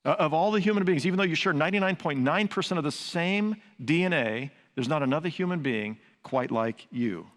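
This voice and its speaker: In a big church sanctuary full of long reverb, an older man preaches with a fairly high voice, brisk and with few pauses. As a pastor, he's earnest and conversational, mixing instruction with personal anecdotes.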